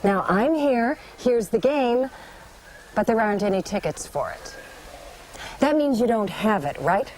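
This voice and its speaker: An actress playing an upset store customer in a corporate training video, complaining in an indignant tone. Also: female voice, a little slow, a little hiss or hum, poor audio. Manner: indignant, complaining, with a lively pitch.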